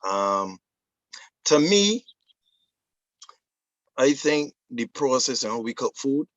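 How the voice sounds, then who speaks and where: A man's voice: medium pitch, sing-song, slow, dry recording, lo-fi sound. A man from Barbados with a Barbadian accent, speaking as a debate guest who lays out his argument earnestly and adds fillers along the way.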